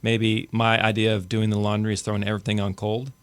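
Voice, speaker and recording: A man in his thirties, a realtor co-hosting a casual podcast, talking in an animated, chatty way. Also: lowish voice, fast, clean tone. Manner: animated, talkative storyteller.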